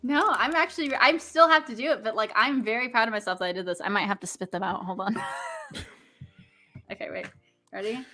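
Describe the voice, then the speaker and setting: This is a woman co-hosting a relaxed podcast, talking in an excitable, filler-heavy way during a rapid quiz game. Her voice sits a little high and rings bright and crisp. Soft music plays faintly underneath. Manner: excitable, lots of fillers and hesitations. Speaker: co-host.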